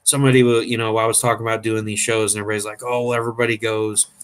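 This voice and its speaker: A man's voice: on the low side, level tone, very fast, clean tone. A man hosting a casual chat, telling long rambling convention stories full of fillers. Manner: rambling storyteller, acts out quoted voices. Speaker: host.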